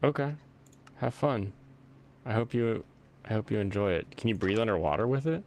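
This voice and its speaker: A man's voice: lowish voice, lively intonation, moderate pace, a little mellow, slight background noise. A man hosting a casual chat while playing a video game, rambling and easily amused, thinking aloud as he plays. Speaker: host.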